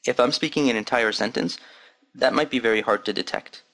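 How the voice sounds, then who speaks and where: A man's voice: medium pitch, fairly quick, fairly bright tone. A man teaching a lesson, patiently demonstrating and repeating sounds. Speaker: Arabic teacher. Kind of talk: recorded language lesson.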